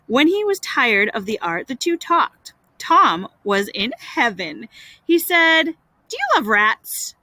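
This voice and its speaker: A woman reading a classic story aloud with expressive delivery, dropping in wry casual asides. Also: a little high, slow pace, dry recording, poor audio. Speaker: reader.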